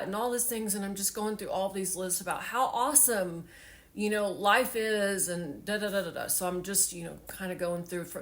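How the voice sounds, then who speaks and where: Slow-talking emotional woman in her forties. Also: fairly low pitch, a bit bright. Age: 40s. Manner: heartfelt, rambling with many fillers. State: tearful, emotional. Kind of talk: personal vlog storytelling.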